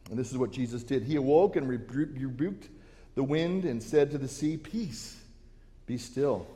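Earnest preaching man, mellow voice. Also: medium pitch, fairly quick, big-room sound. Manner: earnest preaching with frequent restarts. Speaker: pastor. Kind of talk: sermon. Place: church sanctuary.

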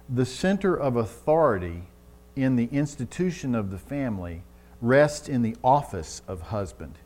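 A male preacher with a middle-range voice delivers a sermon in an easy, talky manner. He acts out little scenes with quoted voices and swells into loud, urgent emphasis at key points. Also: medium pitch.

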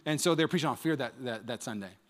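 A young man preaching a sermon in a church, telling stories with lively voices and many fillers. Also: medium pitch, rapid-fire. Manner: animated storytelling with voices and fillers. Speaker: pastor.

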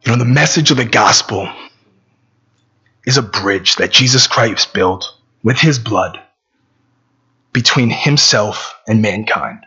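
A man's voice: fairly low pitch, slow, long pauses, pushed and bright, breathy edge, highs cut off. A man preaching a sermon, telling a story conversationally with stammering repeats, then praying.

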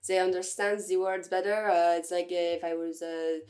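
A woman's voice: fairly low pitch, steady tone, moderate pace, a little mellow, close to an everyday voice. A woman putting on a hesitant male pop star voice with a fake French accent, full of "uh" fillers. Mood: playful mock.

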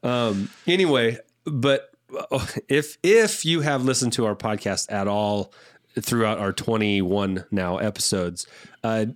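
Low-voiced man telling podcast stories. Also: a little slow, dry recording. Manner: animated storyteller, chuckles, restarts. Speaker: podcast co-host. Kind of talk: casual podcast chat.

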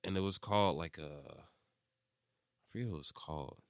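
A man's voice: deep voice, a little fast, clear, resonant tone, dry recording, clean studio sound. A young man telling a rambling drunk story in casual chat, laughing often and filling with "like.".

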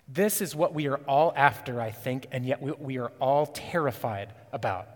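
A man preaching a sermon as pastor, earnest and urgent, rising on questions and dropping low and quiet for emphasis. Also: moderate pace, hardly any pauses, in a large hall.

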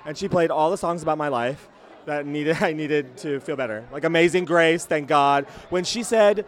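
A man hosting a podcast in casual chat at a venue after a concert, with a worn, hoarse voice after a night of singing. He is excitable, theatrical and laughs often. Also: fairly high pitch, normal speed. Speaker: podcast host.

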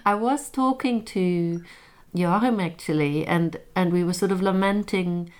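A woman's voice: lowish voice, unhurried, a little mellow. A woman chatting casually as a co-host, thoughtful and a little hesitant, telling stories at length. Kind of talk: casual chat.

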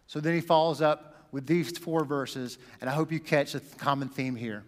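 A man preaching a sermon, dramatic, swinging from loud bursts down to a near whisper. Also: a little high, steady tone, normal speed, few pauses, big-room sound. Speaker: pastor.

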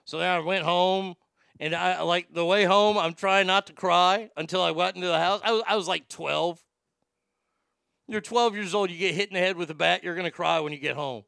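A man around forty, a podcast host, telling blunt, profane stories in a casual and animated way. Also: high voice, normal speed, vocal fry, smooth, dry recording, studio quality. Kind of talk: casual storytelling chat.

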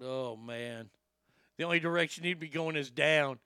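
A man's voice: fairly high pitch, moderate pace, pushed and bright, clean tone, no echo, clean studio sound. A man hosting a commentary show, delivering a brash, swaggering, profane comedic rant. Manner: brash, swaggering, heavy swearing.

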